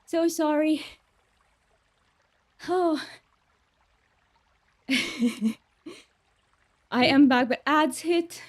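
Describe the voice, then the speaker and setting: A woman's voice: sits high, drawn-out words, pauses often. Bubbly woman chatting on a stream. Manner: bubbly, laughs often, talks to chat. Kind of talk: casual live-stream chat.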